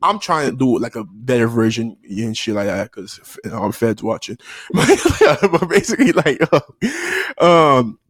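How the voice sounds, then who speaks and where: A man telling a childhood story to his audience in a loose, animated way, laughing often and jumping into the voices of the people in it. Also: medium pitch, measured pace, no echo, studio quality. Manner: loose and profane, addressing the audience directly. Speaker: storytime vlogger. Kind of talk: casual storytelling.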